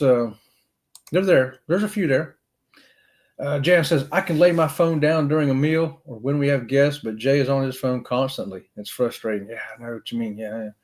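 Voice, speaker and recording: Folksy and upbeat, a middle-aged livestream host reads chat comments in a mid-range, darkish voice, frequently saying "y'all" as he keeps things casual.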